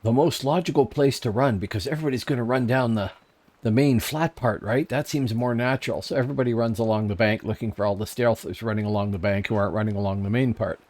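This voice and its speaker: Casual gameplay talk comes from a man streaming an online game, who reads chat and muses as he goes. His mid-range voice has a darkish tone and a quick pace.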